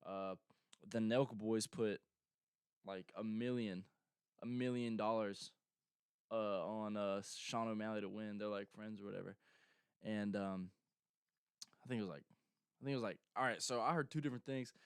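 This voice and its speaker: A man's voice: lowish voice, steady tone, normal speed, long pauses, smooth, dry recording, studio quality. Young male host, casual rambling chat, filler-heavy, clean voice with no room sound. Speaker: show host.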